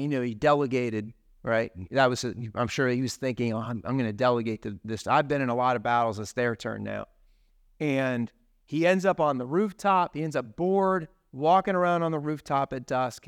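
Smooth-voiced pastor, conversational sermon. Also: male voice, mid-range voice, no echo, studio quality. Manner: conversational, with tag questions and asides.

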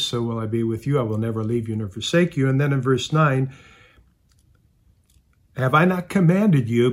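A male pastor delivers a sermon in an earnest, measured voice of middle pitch. He reads scripture passages aloud and talks through them with occasional ums and restarts. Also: a little mellow. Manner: earnest, measured preaching with scripture readings and fillers.

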